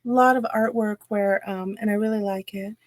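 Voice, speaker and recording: A woman's voice: medium pitch, fairly even intonation, moderate pace, no echo. A woman hosting a casual livestream interview, chatting animatedly and reading viewer comments aloud. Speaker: host.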